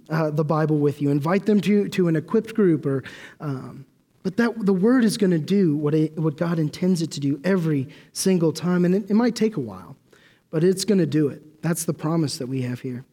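This young man's voice sits on the high side with a dark tone. He delivers a sermon in a relaxed, conversational style, stumbling through many fillers and restarts, and the church hall gives the recording a long reverb.

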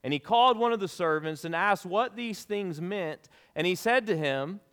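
Pastor guy preaching, kinda high voice, chatty and animated, big echo from the church hall. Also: moderate pace, clear, resonant tone. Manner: conversational, animated preaching with casual asides. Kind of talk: sermon. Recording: long reverb of a large hall.

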